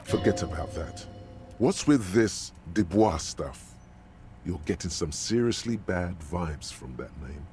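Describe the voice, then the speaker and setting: An actor voicing a wry second-person narrator inside a detective's head, with dry, sardonic delivery. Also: male voice, low voice, expressive, slow pace, a little mellow, slight background noise. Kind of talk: video game narration. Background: game music.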